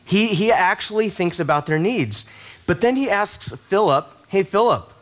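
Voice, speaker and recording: A man's voice: sits high, expressive, moderate pace. A male pastor delivering a sermon in a loose, conversational way, with a voice sitting a little above the usual male range. He tells stories from his own life, laughs at himself, and often restarts sentences with a doubled word. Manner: conversational, self-deprecating storytelling, repeats words as he starts sentences. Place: church service.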